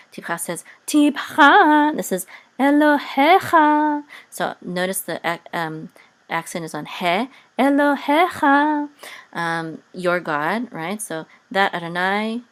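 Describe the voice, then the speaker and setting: A woman teaching Hebrew reading over a video call, patient and hesitant with many pauses, now and then chanting words in a sung tone. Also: on the low side, fairly bright tone.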